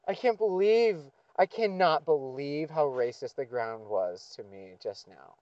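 Man, sardonic, heavy swearing, sighs, mellowish high voice, dull lo-fi sound. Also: lively intonation, measured pace, a little mellow, no room sound. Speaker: vlogger. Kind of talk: profane venting monologue.

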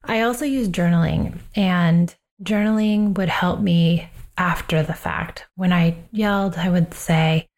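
A woman who is a parenting coach and host, talking through personal advice in a calm, unhurried, reflective way. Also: fairly low pitch.

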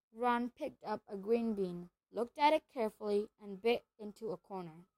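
A woman reading a novel aloud in a steady way, occasionally stumbling and correcting herself. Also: medium pitch, normal speed, few pauses, dry recording, rough recording. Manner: steady reading with small slips and self-corrections. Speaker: storybook reader.

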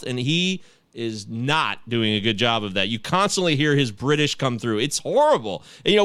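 A man's voice: on the high side, fairly bright tone, clear, resonant tone, no echo. A man hosting a casual sports podcast, chatting and laughing with co-hosts. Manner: laughs often, conversational. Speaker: podcast host.

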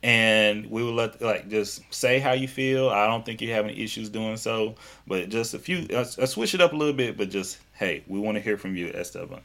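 A man's voice: lowish voice, a little fast, creaky, hardly any pauses, fairly bright tone. A man with a Southern US accent hosting a casual interview podcast, talking in a chatty, rambling way with frequent restarts. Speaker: podcast host.

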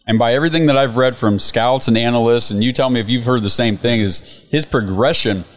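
A man co-hosting a sports podcast in a studio, relaxed and joking in casual chat. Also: medium pitch, fairly quick. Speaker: podcast co-host.

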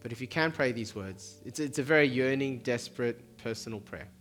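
A man's voice: medium pitch, a little fast, a bit bright, faint music behind. A man who is a pastor, leading an earnest altar-call prayer at a church service and often repeating words as he speaks.

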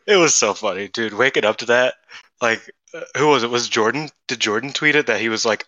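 A man co-hosting a casual podcast, rambling excitably and filling his talk with "like" and "dude". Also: medium pitch, normal speed, no room sound, dull audio. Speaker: podcast co-host.

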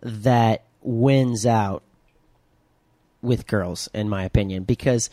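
A man co-hosting a podcast in casual chat, playful and teasing and quick to laugh. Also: lowish voice, warm tone, dry recording. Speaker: podcast host.

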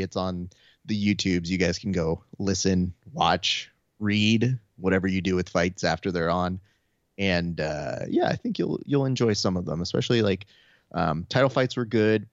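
Low-voiced man in casual profane banter. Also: moderate pace, no echo, lo-fi sound. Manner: loose, profane storytelling with quoted voices. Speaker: podcast co-host. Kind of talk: casual chat.

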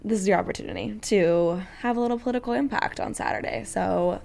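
A woman's voice: mid-range voice, fast, vocal fry, hardly any pauses, a little mellow. A young woman co-hosting a podcast, reading sponsor and event plugs with teasing enthusiasm. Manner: enthusiastic, teasing, laughs easily. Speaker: podcast co-host. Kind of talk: casual podcast chat and ad read.

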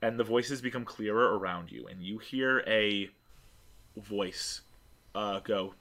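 A man's voice: on the low side, slow, pushed and bright. A man narrating a tabletop game as game master, descriptive and restarting often.

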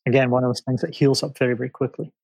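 Man as a chatty interview guest, gravelly tone, dry close sound, tells animated anecdotes. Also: medium pitch, racing, dry recording. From Scotland. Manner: animated storyteller, acts out clients' reactions. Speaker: guest, past-life reader. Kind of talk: casual interview chat.

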